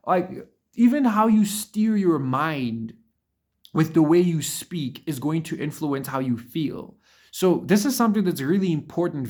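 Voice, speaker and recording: A man talking casually to camera in a motivational monologue, blunt and profane, repeating words for emphasis and calling the listener bro and dude. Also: on the high side. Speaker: vlogger.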